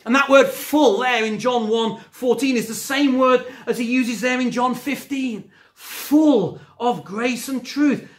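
A man's voice: very high voice, steady tone, normal speed, few pauses. A man preaching a sermon from home, emphatic and rising on key words, with conversational asides. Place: at home, recorded during lockdown.

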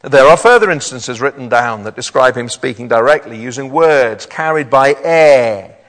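A man's voice: medium pitch, expressive, moderate pace, fairly bright tone. A man preaching a sermon, reading scripture aloud and then explaining it to his congregation. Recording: long hall reverb.

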